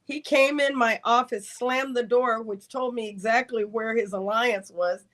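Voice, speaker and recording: Unhurried and fairly high-pitched, a woman recounts her long career as a retired Air Force colonel for a podcast interview. Her telling is animated, with the voices of the people in the story and their quoted dialogue acted out.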